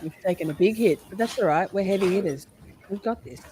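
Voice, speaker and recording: A woman's voice: medium pitch, fast talker, background noise. A woman hosting a livestream, chatting casually in a rambling, playful way and swearing often. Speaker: livestream host.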